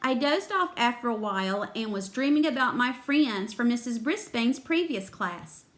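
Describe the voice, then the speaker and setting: A woman's voice: a little high, normal speed. Woman reading a children's book aloud. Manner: expressive, voices the characters. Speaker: reader.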